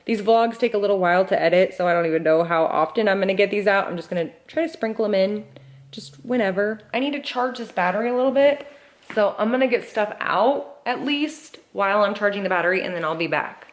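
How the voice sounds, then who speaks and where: A woman's voice: mid-range voice, fast. A young woman vlogging casually, telling a story with lots of "like" and acting out the voices of the people in it. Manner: animated, acts out quoted voices, frequent "like".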